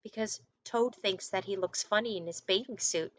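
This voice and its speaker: A woman's voice: mid-range voice, moderate pace, fairly bright tone, no room sound, lightly acted. A woman voicing a friendly, earnest male frog in a storybook read-aloud, speaking politely and plainly.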